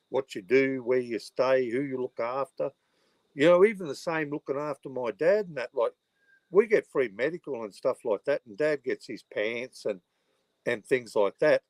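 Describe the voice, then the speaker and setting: A middle-aged Australian man hosts a livestream, rambling casually, swearing heavily and leaning on "you know" as filler. His voice is mid-range and a little mellow, with no echo in the recording.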